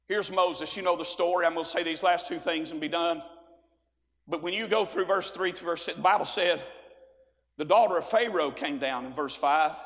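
A man preaches a sermon in a very high voice, folksy and direct. He moves from quiet asides to shouting, and every line rings on in a long church reverb. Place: church sanctuary.

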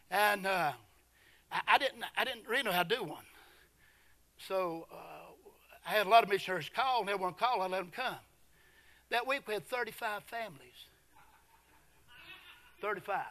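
Fervent preacher man, bright high voice. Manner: fervent, swings from hushed to shouting. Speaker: pastor. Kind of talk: sermon.

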